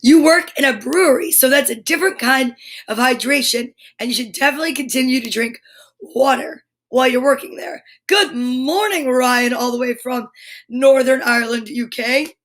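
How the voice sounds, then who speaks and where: A woman's voice: high-pitched, moderate pace. An American woman hosting a live children's lesson show, bubbly and enthusiastic, greeting young viewers by name. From United States. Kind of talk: live-streamed kids' lesson.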